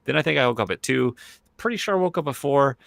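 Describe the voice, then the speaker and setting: A man's voice: mid-range voice, expressive, fast, vocal fry, a bit bright, no room sound, clean studio sound. A man in his thirties hosting a podcast in casual chat, rambling and full of fillers like "like" and "you know". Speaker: podcast host.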